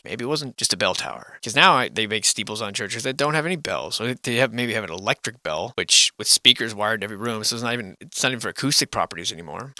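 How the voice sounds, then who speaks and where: A man's voice: mid-range voice, pushed and bright, no room sound, studio quality. A man hosting a video, giving casual, sarcastic and profane commentary on archive photos while wandering off into musings. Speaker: video host.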